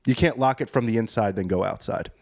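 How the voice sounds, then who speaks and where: A man's voice: fairly low pitch, fast, vocal fry, a little mellow, no echo, clean studio sound. Rambling self-deprecating man in his thirties. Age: 30s. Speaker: podcast co-host. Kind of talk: casual comedic chat. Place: living room studio.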